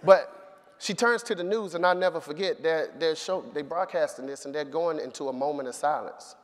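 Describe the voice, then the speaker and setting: A middle-aged man telling a personal story to an audience, acting out the voices of the people in it. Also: fairly high pitch. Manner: animated storyteller, acts out voices. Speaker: speaker. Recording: long reverb of a hall.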